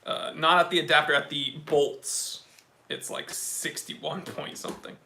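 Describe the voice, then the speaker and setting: Excitable young male host for a live chat stream; high, bright voice, casual and comment-driven. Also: unhurried. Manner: excitable, reading out viewer comments. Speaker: watch channel host.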